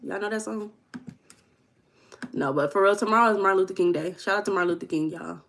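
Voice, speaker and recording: A chatty Midwestern woman from the United States hosts a livestream from a room at home, reading the chat aloud and playfully teasing viewers by name. Her mid-range voice is fast, gravelly and a bit bright.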